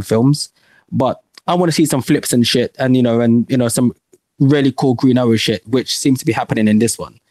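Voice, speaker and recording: A man's voice: medium pitch, a little mellow, no echo. Rambling man, casual podcast banter. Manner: rambling, restarts, swears. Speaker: podcast co-host. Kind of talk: casual film chat.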